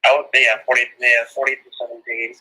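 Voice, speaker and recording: A man's voice: medium pitch, little pitch movement, quick pace, sharp tone, poor audio. A male caller on a call-in show, offering an offhand, hesitant prediction. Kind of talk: phone-in chat.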